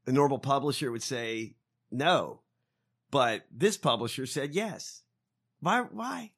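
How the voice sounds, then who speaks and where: A man co-hosting a podcast in casual chat, profane and quick to laugh. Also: medium pitch, expressive, slightly rough. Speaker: podcast co-host.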